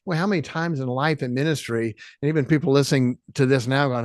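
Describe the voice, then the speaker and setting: Earnest middle-aged preacher host, dry sound. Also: male voice, medium pitch, brisk, few pauses, no echo. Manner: earnest, emphatic. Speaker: host and pastor. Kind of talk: podcast interview, preacher's storytelling.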